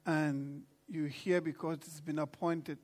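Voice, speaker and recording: Man, pastor leading the service, rousing call and response, slow, deliberate delivery. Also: a little high, steady tone, a little mellow. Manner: exuberant, rousing.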